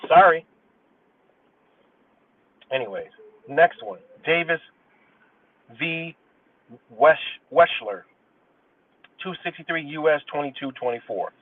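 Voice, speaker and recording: A man's voice: on the high side, lively intonation. A man hosting a livestream, reading legal citations aloud and commenting bluntly, with plenty of cursing. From New York State. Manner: blunt, profane, reads case citations haltingly then rants. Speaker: livestream host. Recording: tinny phone-like sound, distant from the mic, dry.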